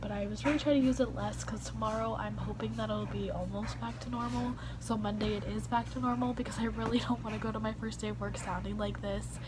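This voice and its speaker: A young woman with a hoarse, raspy voice she has nearly lost, chatting casually and self-mockingly at home in a vlog. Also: mid-range voice, steady tone, fast, hardly any pauses, noisy background. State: hoarse, losing her voice. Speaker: vlogger.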